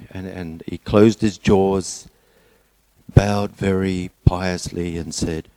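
A middle-aged man preaching a sermon, telling a joke story in a relaxed way before turning earnest. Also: deep voice, slow, no room sound, poor audio.

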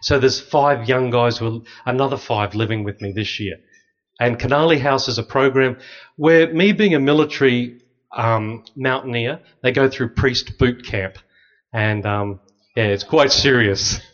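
Storytelling priest, dull recording. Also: male voice, medium pitch, measured pace. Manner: lively anecdotal storytelling with dry humor. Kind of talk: storytelling talk to an audience.

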